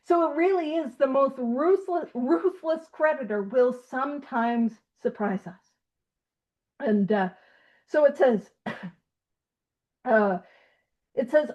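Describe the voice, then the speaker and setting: A woman from Canada with a high voice leads a recovery group study in a loose, chatty way. She is self-deprecating and keeps breaking into laughter between thoughts. The sound is dull and lo-fi. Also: slow, long pauses. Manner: self-deprecating, laughs often while talking. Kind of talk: casual talk to a recovery group.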